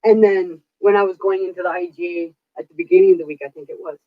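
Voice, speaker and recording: A woman's voice: on the low side, fairly even intonation, fast, dry recording. A woman vlogger venting in casual chat, swearing freely as she rants. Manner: profane, venting rant. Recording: dull, dry lo-fi recording.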